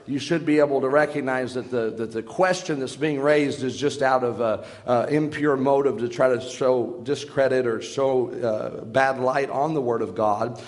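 A man preaching as pastor, praying and then starting a sermon, earnest and halting, with restarts and fillers. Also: medium pitch. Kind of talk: prayer and sermon. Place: church sanctuary.

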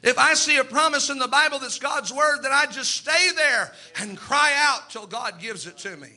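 Male preacher, very high and piercing voice, fervent sermon delivery that voices the people in his stories. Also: moderate pace, pushed and bright.

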